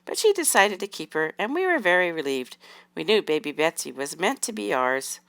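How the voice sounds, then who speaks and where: A woman reading aloud, voicing a gentle, calm mother doll telling a story. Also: fairly low pitch, moderate pace, no room sound. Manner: gentle, soothing.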